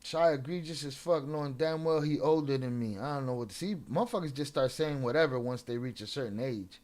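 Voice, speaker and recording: A young adult man hosting a stream fires back at commenters, swearing and using Spanish slang in a confrontational rant. His voice is mid-range, brisk, and darkish in tone.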